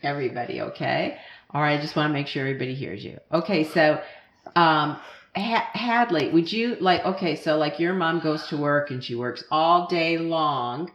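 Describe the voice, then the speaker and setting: Speaking into a studio microphone, a woman interviews children with playful questions in a casual question-and-answer, laughing often. Her voice sits low, the highs are cut off, and the room is roomy and echoey.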